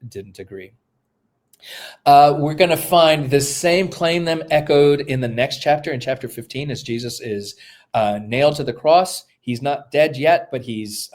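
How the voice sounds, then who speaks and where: A man of middle pitch explains ancient texts as a podcast guest. He lectures step by step, and his speech is dotted with fillers and false starts as he thinks aloud. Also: a little mellow. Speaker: guest, New Testament scholar.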